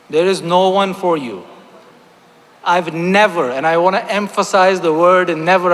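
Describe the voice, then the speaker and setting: A man's voice: fairly high pitch, fairly bright tone. A man giving an impassioned speech from a stage at a religious convention, repeating his points emphatically and asking the audience rhetorical questions. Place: large hall on stage. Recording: long hall reverb.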